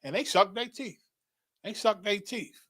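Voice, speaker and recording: A middle-aged man tells his story with a hard, forceful edge and a fairly high voice. He preaches it like testimony, repeating phrases and climbing into excited shouts. The sound is close and dry. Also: measured pace, no room sound. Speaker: religious teacher.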